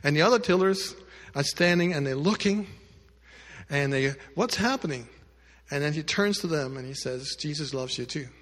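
A male pastor telling a story in a sermon, addressing the congregation directly and moving between loud emphatic lines and hushed quiet ones. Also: fairly high pitch, moderate pace, long reverb tail. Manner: speaks directly to the congregation with asides.

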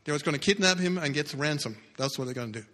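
Man, pastor, sermon storytelling, bright ringing voice, slightly high, long church-hall reverb. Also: animated, fast. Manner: dramatic, swings from loud bursts to hushed low lines.

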